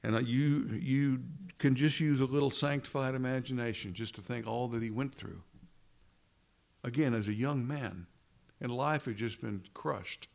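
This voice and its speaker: A man's voice: medium pitch, normal speed, vocal fry. A man preaching a sermon in an earnest way, asking rhetorical questions and repeating phrases for emphasis.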